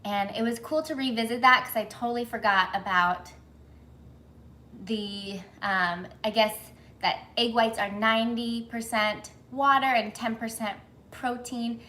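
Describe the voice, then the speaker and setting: A woman's voice: on the high side, fairly even intonation, measured pace, bright, forceful tone. A woman in her thirties hosting a live baking stream from her home kitchen, chatting with viewers, flustered and sweating from the humidity. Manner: chatty, apologetic, reads comments aloud. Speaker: baking livestream host. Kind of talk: casual live chat, greeting viewers.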